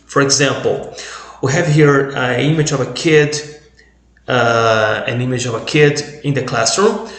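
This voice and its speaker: A man whose first language is Portuguese, explaining English grammar in a video lesson, slowly repeating example sentences. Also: mid-range voice, steady tone, echoey room. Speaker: English teacher.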